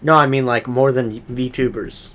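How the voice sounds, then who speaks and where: A man's voice: mid-range voice, fairly even intonation, unhurried, a bit bright. A young man co-hosting a podcast, bantering crudely, swearing freely and laughing often between filler words. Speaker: podcast co-host.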